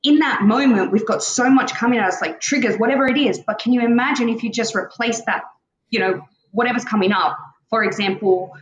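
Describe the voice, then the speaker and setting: A woman's voice: a little high, brisk, reverberant, rough recording. A woman co-hosting a casual spiritual talk show, talking earnestly and rambling as she acts out her inner dialogue. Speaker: co-host.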